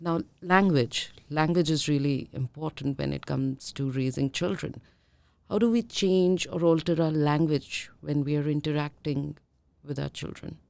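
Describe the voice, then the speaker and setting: A woman's voice: low-pitched, a little slow, gravelly, darkish tone, no echo. A woman hosting a podcast interview, asking plain questions and giving brief listening murmurs.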